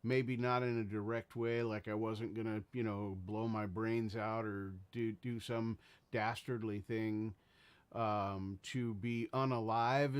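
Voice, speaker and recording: A man's voice: medium pitch, smooth. A man hosting a casual livestream, talking earnestly and rambling as he greets viewers in chat. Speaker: livestream host.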